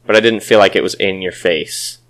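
A man's voice: low-pitched, steady tone, a little fast, fairly bright tone. A man in casual chat reviewing a film, easygoing and agreeable. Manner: easygoing, agreeable, asks questions.

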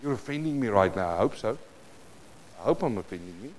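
South African pastor preaching with big swings. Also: male voice, mid-range voice, big pitch swings, a little fast. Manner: dynamic preaching, swinging between hushed and loud. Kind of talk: sermon.

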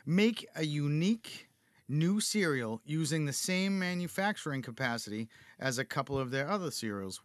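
A man hosting a chatty podcast, his voice a little high for a man, jokey and quick to laugh as he reads from his notes. The sound is dry and close, with no room around it. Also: dry recording. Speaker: podcast host. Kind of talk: casual podcast chat reading facts.

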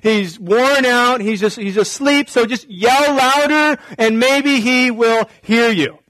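A man playing a bold prophet who taunts his rivals with dry, playful sarcasm. The voice sits high, in a dead, close sound. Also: unhurried, a bit bright, dry recording, rough recording. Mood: mocking.

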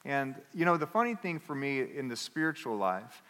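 A man preaching a sermon as pastor, telling a story in an animated way and acting out the characters. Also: mid-range voice, moderate pace, long reverb tail. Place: church.

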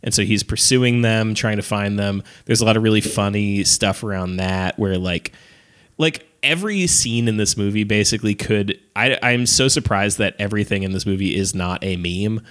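A man's voice: on the low side, normal speed, a bit bright. A man on a podcast casually recapping a movie plot, rambling with lots of fillers and laughing as he retells scenes. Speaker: podcast co-host.

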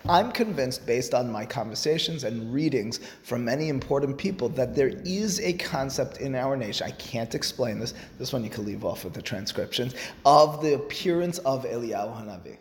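A man teaching a Talmud class, animated, swinging from loud exclamations to quiet asides in a classroom. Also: mid-range voice, moderate pace, a little hiss or hum. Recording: echoey room with long reverb.

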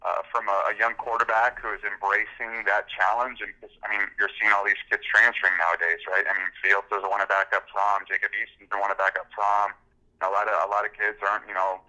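A man, a recruiting reporter, talking as a podcast guest, halting with many fillers and repeated words. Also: on the low side, bright, forceful tone, poor audio. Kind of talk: casual interview talk.

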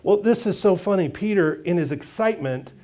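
A man's voice: sits high, brisk. A man preaching a sermon as pastor, retelling a story expressively and acting out its voices. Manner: expressive storytelling, acts out quotes.

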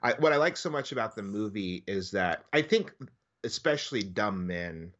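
Very low-voiced man discussing a film. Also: animated, normal speed, fairly bright tone, lo-fi sound. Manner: thoughtful, hedging with restarts. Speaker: podcast co-host. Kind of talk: casual film review chat.

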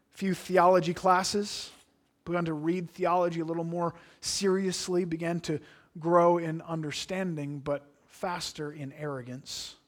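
A man preaching a sermon, reading scripture aloud and then explaining it earnestly, sometimes dropping to a hushed aside. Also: fairly high pitch.

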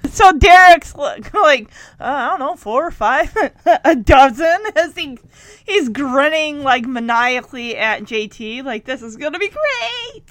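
A woman's voice: high voice, unhurried, fairly bright tone, dry recording. A woman chatting through a recap of a TV episode, laughing often and making teasing asides. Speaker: show recap host. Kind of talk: casual recap commentary.

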